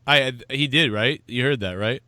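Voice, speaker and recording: A man co-hosting a casual chat show, reacting loudly to a video, swearing, laughing hard and mimicking people. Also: mid-range voice, moderate pace, dry recording, clean studio sound. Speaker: podcast co-host.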